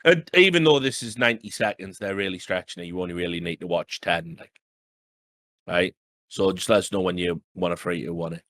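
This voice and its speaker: A man's voice: low voice, a little fast, a bit bright, dry recording, studio quality. A man co-hosting a casual podcast, reading news stories aloud and breaking in with chatty asides. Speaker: podcast co-host.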